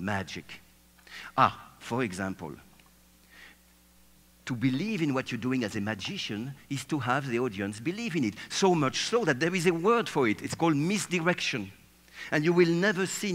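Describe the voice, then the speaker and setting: A man's voice: mid-range voice, big-room sound. A man giving a playful, theatrical storytelling talk, seated at a table on stage. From France. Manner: animated, playful, acts out scenes and voices.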